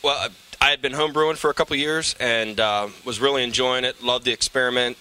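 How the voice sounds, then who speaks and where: A man who founded a brewery, speaking in an interview in a relaxed, self-deprecating way. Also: mid-range voice, fast talker, smooth, rough recording. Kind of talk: interview answers.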